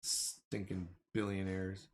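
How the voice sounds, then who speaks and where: On a live stream about the stock market, a man answers his viewers with excitable, slangy, casual commentary. His voice sits low and he takes his time.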